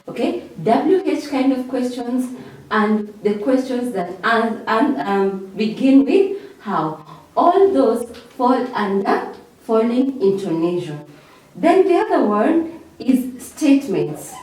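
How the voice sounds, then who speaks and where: Slow, lively-voiced woman teaching in an echoey room. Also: fairly high pitch. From Kenya. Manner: slow, repeats key words with drawn-out emphasis. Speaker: English teacher. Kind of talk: revision lesson. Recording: echoey room, far from mic.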